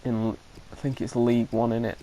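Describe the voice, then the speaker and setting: A man's voice: medium pitch, monotone, a little fast, warm tone, slight background noise, rough recording. A man, thinking aloud as he commentates his gameplay, hesitant and full of restarts, with an occasional cough. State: coughing now and then. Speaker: gaming commentator.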